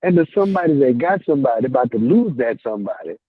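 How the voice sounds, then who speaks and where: A man calling in to a morning radio talk show, chatting in an animated way, laughing often and crying out to the Lord. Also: medium pitch, fast, dry recording. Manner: animated, laughing, preacherly exclamations. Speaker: caller. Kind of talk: casual call-in talk. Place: warehouse. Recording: phone line.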